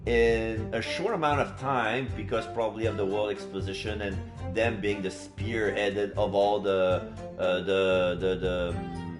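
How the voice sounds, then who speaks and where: A man streaming a visual novel, chatting casually and rambling with restarts. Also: on the low side. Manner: rambling, many restarts and fillers. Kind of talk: casual let's-play commentary.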